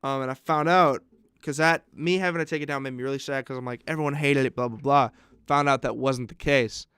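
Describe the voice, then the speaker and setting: A man's voice: medium pitch, fairly even intonation, fairly quick, fairly bright tone, smooth, no echo. A young man co-hosting a podcast, telling stories in casual chat, swearing often and acting out what other people said. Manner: swearing storyteller, acts out other people's lines. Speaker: podcast host.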